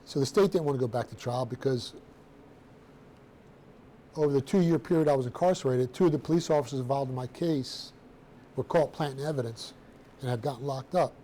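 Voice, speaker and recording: A middle-aged man telling his own story to a room of students in a blunt, streetwise, animated way, with casual slang. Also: mid-range voice, fairly quick, long pauses, a little hiss or hum. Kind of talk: personal storytelling talk to students.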